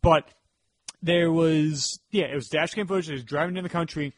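A man's voice: a little high, normal speed, no room sound. A man co-hosting a podcast, chatting casually about movies in a rambling way full of "like" and restarts. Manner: rambling, lots of "like" fillers and restarts. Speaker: podcast co-host. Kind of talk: casual movie review chat.

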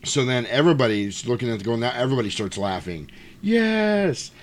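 A man casually retelling a movie's plot, jumping into quick acted-out quotes of the characters. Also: mid-range voice, big pitch swings. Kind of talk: casual movie recap chat.

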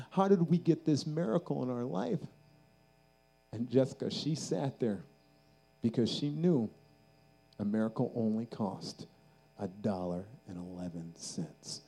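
Male camp preacher, dark mellow voice, storytelling into urgent exhortation. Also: on the low side, rough recording. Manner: storytelling that builds to fervent exhortation. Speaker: speaker at a youth camp. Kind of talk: sermon.

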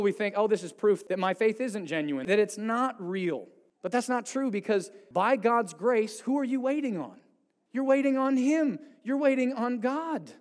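Male pastor, high tenor range, sermon delivery with pleading swells and hushed drops, long church reverb. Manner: swings from pleading intensity to hushed quiet. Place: church sanctuary.

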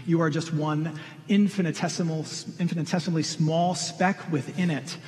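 A man's voice: on the high side, steady tone, normal speed, darkish tone. A middle-aged man preaching a sermon, earnest and direct, pressing questions on his congregation. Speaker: pastor. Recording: long reverb of a large hall.

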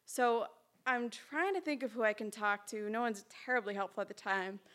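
Woman on stage spinning a funny travel yarn, kinda high voice, chatty and self-mocking. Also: normal speed, fairly bright tone. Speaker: storyteller. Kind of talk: live personal storytelling. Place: small live event hall.

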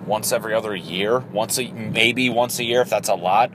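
A man's voice: lowish voice, moderate pace, noisy background. A man around thirty rambling crudely through a casual solo podcast, joking and acting out quotes in silly voices. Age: 30s. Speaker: podcast host.

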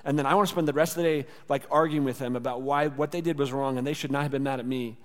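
A man's voice: mid-range voice, steady tone, fast talker, big-room sound. A man in his thirties preaching a sermon as a pastor, earnest and conversational, speaking prayers aloud as he teaches. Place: church sanctuary.

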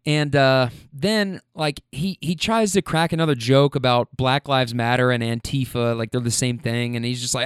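A man's voice: medium pitch, moderate pace, few pauses, clean tone, dry recording, studio quality. A young man telling a rambling, casual story with many restarts and frequent swearing.

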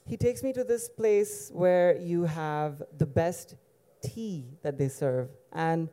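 Man with a very dark, smooth voice. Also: a little high, slow. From Dubai. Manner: casual, digressive, with wry asides. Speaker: storyteller. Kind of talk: live personal storytelling.

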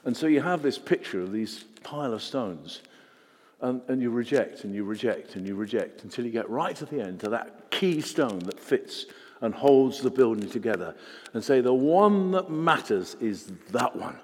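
A man's voice: medium pitch, lively intonation, normal speed, a little mellow, slightly rough. A man preaching a sermon in an earnest way, repeating words for emphasis and putting questions to the congregation. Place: church. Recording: long church reverb.

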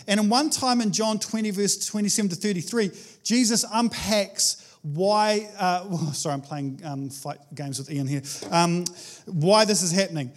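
A man preaching a casual, enthusiastic sermon, talking conversationally with frequent restarts. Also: high-pitched. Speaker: pastor.

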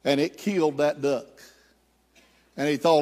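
High-voiced preacher in an echoey hall. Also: male voice, normal speed, pauses often, darkish tone. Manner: storytelling, then fervent and prayerful. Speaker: pastor. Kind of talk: sermon.

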